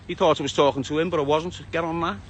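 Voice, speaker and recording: A man's voice: a little high, fairly even intonation, fast talker, dull audio, a little hiss or hum. A man ranting passionately on a live stream, swearing heavily as he talks. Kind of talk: angry monologue on a live stream. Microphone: phone.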